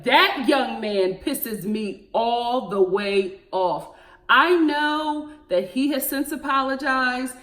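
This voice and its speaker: Frank, animated woman reviewing reality TV. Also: on the high side, slow pace. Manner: animated, frank, talks straight to viewers. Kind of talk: casual commentary.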